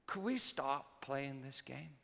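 A man's voice: expressive, takes it slowly, vocal fry, a bit bright, exaggerated voice. A man voicing an eager four-year-old girl who stammers as she begs her father to play. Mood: pleading. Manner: eager, stammering, high childish voice. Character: excited little girl, about four, pleading to play. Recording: reverberant hall.

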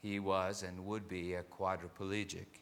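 A man preaching a sermon, telling a story slowly and deliberately with many pauses, building from quiet narration to loud, impassioned passages. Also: low-pitched, flat delivery, in a large hall.

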